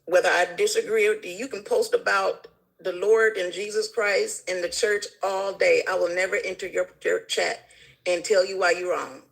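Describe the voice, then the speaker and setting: A woman's voice: medium pitch, steady tone, moderate pace, creaky, rough recording. A woman guest in casual conversation, telling stories animatedly and acting out the people she quotes. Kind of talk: casual chat.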